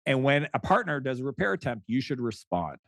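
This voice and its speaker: A middle-aged man from Canada talks as a podcast guest in an easygoing, animated way. He tumbles into stories and restarts his sentences, with a mid-pitched voice. The sound is close and dry, with no room echo. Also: a little fast, gravelly. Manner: animated storyteller who acts out quoted dialogue, frequent restarts. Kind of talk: casual interview chat.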